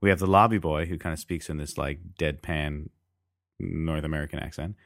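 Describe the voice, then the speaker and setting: A man with a very low voice chats about films on a podcast. He talks in loose, wandering sentences full of fillers and restarts. The sound is close and dry. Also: fairly even intonation, fairly quick, creaky, fairly bright tone, no room sound. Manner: rambling, hesitant with many fillers. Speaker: podcast co-host. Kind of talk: casual film discussion.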